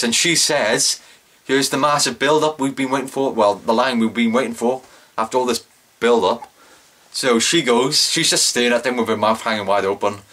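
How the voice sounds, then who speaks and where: A man's voice: mid-range voice, bright, forceful tone. A young man giving a casual solo review of a TV episode, rambling and correcting himself, with exaggerated cringing asides.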